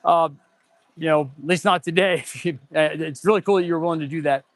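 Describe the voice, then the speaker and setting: A man's voice: on the high side, a little fast, no echo. A man in his forties, an auto mechanic hosting a casual livestream, rambling and answering viewer chat as he goes. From United States.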